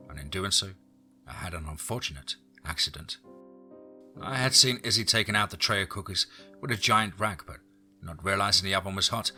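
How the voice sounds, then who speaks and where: A man reading a first-person horror story aloud as narrator in a steady storytelling voice. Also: deep voice.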